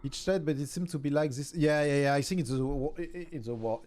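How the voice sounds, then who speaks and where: Southern French man, halting English. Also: a little high, darkish tone, soft background music. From southern France. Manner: halting English, searching for words. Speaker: streamer. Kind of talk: casual chat.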